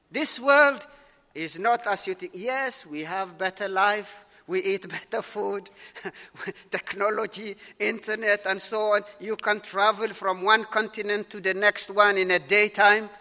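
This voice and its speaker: A man's voice: high voice, a little slow, bright, forceful tone. A man preaching a sermon with earnest, repetitive, emphatic phrasing. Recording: long hall reverb.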